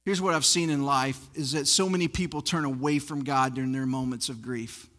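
A man preaching a sermon to his church as pastor, impassioned and building up to near-shouts. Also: medium pitch, fairly even intonation, brisk, hardly any pauses, big-room sound.

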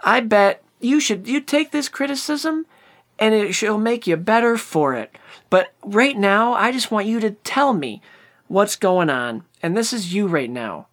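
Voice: medium pitch, lively intonation, measured pace, fairly bright tone, pitched above the performer's own voice. A host doing an earnest, pleading boyfriend. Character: young man comforting his girlfriend.

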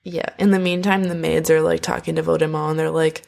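A woman's voice: sits low, a little fast, gravelly. A woman casually retelling an opera plot in a chat, acting out the characters' lines as she goes, with lots of "like". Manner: animated storytelling, acts out characters' quotes, frequent "like". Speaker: podcast co-host recapping an opera.

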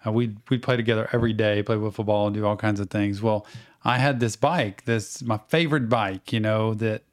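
A middle-aged man co-hosting a podcast, telling childhood stories in a casual, animated way and acting out the quotes. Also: lowish voice, brisk. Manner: animated anecdotes with acted-out quotes. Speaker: podcast co-host. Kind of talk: casual storytelling chat.

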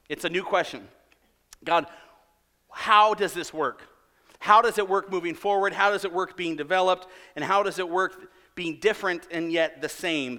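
Thirty-something pastor guy preaching, bright forceful voice, long hall reverb. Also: fairly high pitch. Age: 30s. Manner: self-mocking storytelling with acted-out quotes. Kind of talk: sermon.

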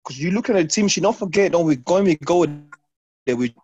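A man from London, a former footballer, telling stories in an interview, animated and repeating phrases as he acts out his past self. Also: high voice, fast talker, breathy edge, no room sound. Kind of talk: casual interview storytelling. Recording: dull lo-fi dry sound.

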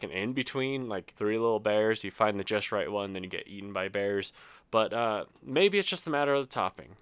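A man's voice: medium pitch, fairly bright tone, smooth, no echo. A man hosting his own show, talking casually and rambling through his small frustrations with self-mocking humor. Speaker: host. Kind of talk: casual solo monologue.

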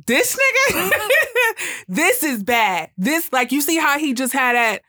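A young woman co-hosting a casual podcast chat, loud and animated, often laughing through her stories. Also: sits high, slow, no room sound, clean studio sound. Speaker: podcast co-host.

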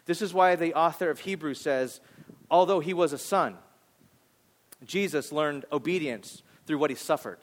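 A male pastor preaching a sermon in a casual, conversational way, acting out voices and dropping soft and low on serious points. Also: normal speed. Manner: conversational, animated, acts out voices, drops to a near whisper on serious points.

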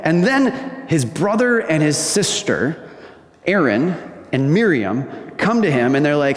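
A pastor preaches in church, speaking conversationally, questioning the congregation, and acting out quoted voices. His slightly high voice swings widely in pitch at a moderate pace, echoing through a hall with long reverb.

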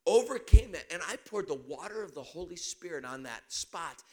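A middle-aged man preaching a sermon, telling a personal story with animated delivery and sudden shouts. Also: on the high side, normal speed.

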